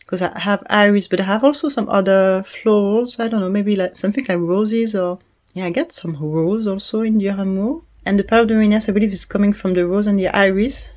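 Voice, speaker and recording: A woman's voice: mid-range voice, darkish tone. A woman with a French accent, a native French speaker, giving a casual, chatty perfume review with frequent hesitations and little laughs. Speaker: fragrance reviewer.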